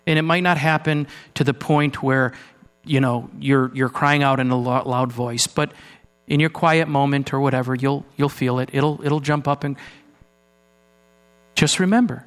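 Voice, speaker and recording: A man preaching a sermon in a church, earnest, moving between raised urgency and low, hushed passages. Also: steady tone, moderate pace. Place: church sanctuary. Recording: long hall reverb with mains hum.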